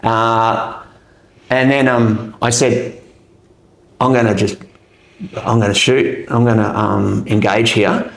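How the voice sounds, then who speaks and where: A middle-aged Australian army veteran, a guest telling a long story in a rambling, animated way with lots of fillers. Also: male voice, on the low side, slow pace, gravelly, pauses often, reverberant, low-quality recording. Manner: rambling, animated retelling, with many fillers and restarts. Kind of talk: casual storytelling interview.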